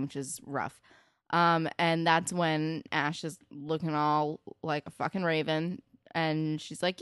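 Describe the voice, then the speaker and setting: A woman's voice: low-pitched, clear, resonant tone, no room sound, clean studio sound. A young woman co-hosting a casual recap chat, candid and blunt, swearing when annoyed. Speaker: podcast co-host.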